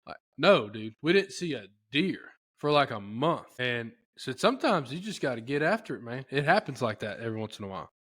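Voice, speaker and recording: A man hosting a podcast, telling a story in a casual, rambling, animated way with lots of filler talk. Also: medium pitch, fairly quick, hardly any pauses, husky. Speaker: podcast host.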